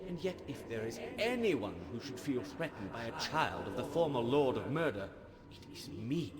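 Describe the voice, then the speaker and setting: A man's voice: mid-range voice, big pitch swings, normal speed, pitched above the performer's own voice, close to an everyday voice. A man voicing a scheming, petulant male god of murder in a game's dialogue, sarcastic and self-important, with game music behind him. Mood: aggrieved.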